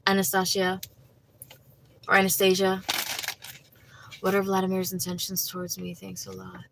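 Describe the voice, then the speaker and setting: Chatty woman tarot reader, bright voice. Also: fairly low pitch, fairly even intonation, moderate pace, rough recording. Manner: chatty, many fillers like "you know" and "like"; laughs easily, talks to viewers by name. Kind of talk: livestream tarot reading.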